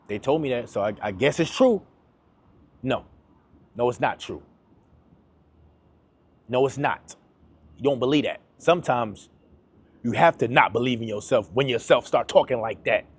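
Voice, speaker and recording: A man's voice: medium pitch, animated, measured pace, pauses often, slightly rough. A man giving a motivational talk to his viewers, emphatic and repetitive, in casual slang. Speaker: motivational YouTuber.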